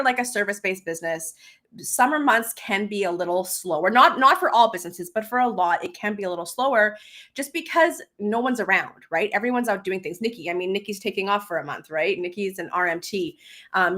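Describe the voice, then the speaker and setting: A woman's voice: mid-range voice, a bit bright. A woman hosts a casual live stream as a business coach, chatting with lots of laughter and fillers and reading comments aloud.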